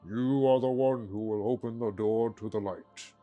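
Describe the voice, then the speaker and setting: A grave, mellow-toned guide from a video game speaks slowly, weighing each warning, voiced by a man. His calm carries a quiet solemnity. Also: medium pitch, soft background music, natural voice. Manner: slow, measured warnings.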